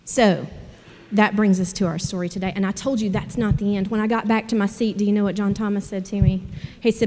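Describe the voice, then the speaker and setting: A woman leading a children's sermon, animated and asking the kids questions. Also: medium pitch, a little fast, a little hiss or hum. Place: church sanctuary. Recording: long church hall reverb.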